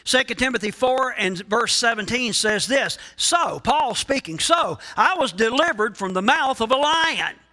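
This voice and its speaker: A man preaching a sermon as pastor, emphatic, with rhetorical questions, asides and pauses for emphasis. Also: extremely high pitch, expressive, bright, forceful tone.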